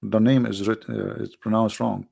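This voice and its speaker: A man with an Arabic accent hosting a live online talk, animated and mocking, often repeating himself. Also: fairly low pitch, moderate pace, creaky, breathy edge. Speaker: online show host. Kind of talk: casual live-stream talk.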